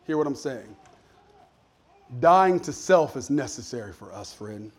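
A man preaching a sermon as a pastor, talking in a conversational way that sinks to soft asides and climbs to emphatic points. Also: mid-range voice, expressive, a little slow, slightly rough.

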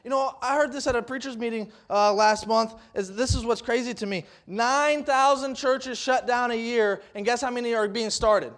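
A young man preaching a folksy sermon, rambling with restarts and rising to loud, emphatic peaks. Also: very high-pitched, steady tone, normal speed, hardly any pauses.

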